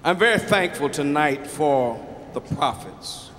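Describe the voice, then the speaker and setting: A man's voice: medium pitch, steady tone, a little slow. A middle-aged man preaching a sermon, folksy and humorous, often repeating words as he goes. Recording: reverberant hall.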